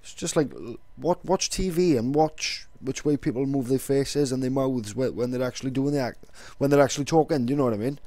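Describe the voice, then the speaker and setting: A man's voice: mid-range voice, a little fast, few pauses, mellow, no room sound. A young man chatting casually and rambling on, swearing now and then. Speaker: vlogger. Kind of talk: casual vlog talk.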